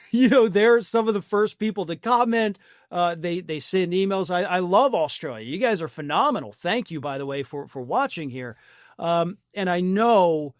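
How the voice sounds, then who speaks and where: A man's voice: sits high, no room sound, clean studio sound. A male host giving heated political commentary, insulting and ranting at his target.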